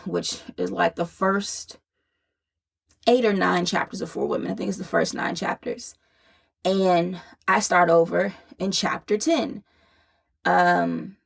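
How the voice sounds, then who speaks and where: Breathless woman with a gravelly voice. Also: on the low side. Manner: candid, conversational, laughing now and then. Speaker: podcast host. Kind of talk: personal storytelling.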